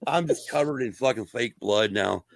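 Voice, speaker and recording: Brief: middle-aged male podcast host, gravelly, lively swearing storyteller, dry close sound. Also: medium pitch, normal speed, dry recording. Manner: profane, animated storyteller. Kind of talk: casual storytelling chat.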